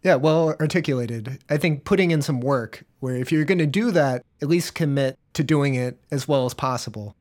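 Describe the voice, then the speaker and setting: A man hosting an interview, asking measured, thoughtful questions. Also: medium pitch, a little mellow. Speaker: podcast host.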